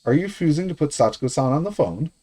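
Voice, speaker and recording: Guy reading as a polite stubborn social worker, formal, lively pitch. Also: fast talker. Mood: insistent.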